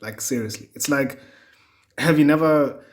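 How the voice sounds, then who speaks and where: A man's voice: on the high side, normal speed. Rambling, profane man. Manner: rambling, profane, chuckling often. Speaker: podcast host. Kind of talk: casual solo podcast monologue.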